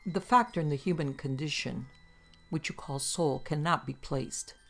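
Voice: mid-range voice, normal speed, vocal fry. A skeptical male French critic, as a narrator puts him on. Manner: skeptical, arguing.

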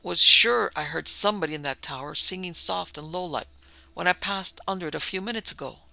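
A man's voice: sits high, brisk, vocal fry, sharp tone, no echo, full character voice. A man voicing a puzzled new male prison guard who drawls a little.

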